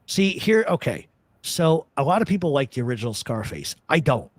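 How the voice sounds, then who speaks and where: A talk host who swears freely and wanders from story to story. His husky voice leaps up and down as he talks. He is recorded close and dry, with no room sound. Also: a little high, a little fast, no room sound. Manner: profane, rambling, animated storyteller. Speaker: podcast host. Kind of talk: casual chat.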